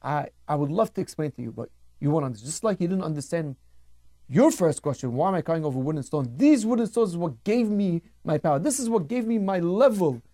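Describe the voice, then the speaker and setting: A man voicing a grieving old prophet who speaks in a low, weighty way. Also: lively intonation, a little fast, mellow, close to an everyday voice. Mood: solemn. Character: grieving old male prophet, solemn and patient.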